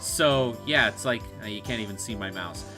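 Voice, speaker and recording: A man's voice: fairly low pitch, normal speed, pushed and bright. A young man casually commenting on a game he is playing and thinking aloud, with game music underneath. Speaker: let's play host. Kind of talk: gameplay commentary.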